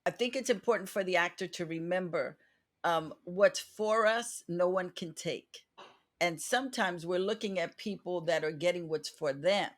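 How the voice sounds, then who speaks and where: A woman's voice: lowish voice, moderate pace. Woman hosting a podcast, giving advice. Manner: advice-giving, speaks from her own experience. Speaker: podcast host and actress. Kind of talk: podcast interview conversation.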